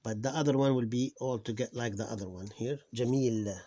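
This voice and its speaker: A man at a mid pitch gives an informal reading lesson, pronouncing sounds again and again with patience. He often stops to correct himself, and he sounds tired. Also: warm tone, a little hiss or hum. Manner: patient, repeats words slowly, self-correcting. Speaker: Arabic reading teacher.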